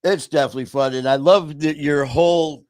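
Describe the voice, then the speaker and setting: A man's voice: fairly high pitch, fairly even intonation, brisk, a little mellow, no echo, studio quality. A man hosting a podcast, telling a personal story in an earnest, emotional way and often calling people "man" and "brother". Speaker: podcast host. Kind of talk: casual conversational storytelling.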